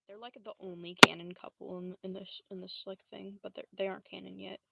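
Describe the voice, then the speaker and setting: A woman's voice: mid-range voice, moderate pace, gravelly, highs cut off. A young woman livestreamer rambling through a story in a casual, slangy, profane way, with lots of fillers. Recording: loud steady hiss.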